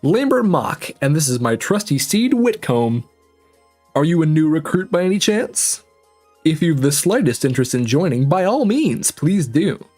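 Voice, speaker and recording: A man's voice: a little high, very animated, moderate pace, a little mellow, soft background music. A man voicing a cheerful, well-bred young male riding club captain from a video game, welcoming new recruits in a grand, eager tone.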